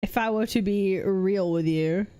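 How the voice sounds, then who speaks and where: A woman's voice: mid-range voice, measured pace, mellow. A young British woman chatting casually on a live stream, rambling and self-deprecating, often repeating herself. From Britain.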